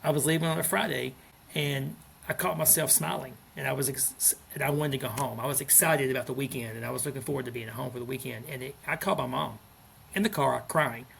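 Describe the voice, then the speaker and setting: Man, fifties, very gravelly voice, gentle, earnest, restarts often, podcast guest. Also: mid-range voice, quick pace, a little hiss or hum. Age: 50s. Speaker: school principal, guest. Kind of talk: reflective podcast interview.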